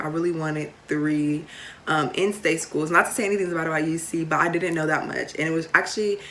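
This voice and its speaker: A woman's voice: lowish voice, pushed and bright, a little hiss or hum. A young woman, chatting casually to camera with lots of fillers and playful asides. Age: late teens. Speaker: vlogger.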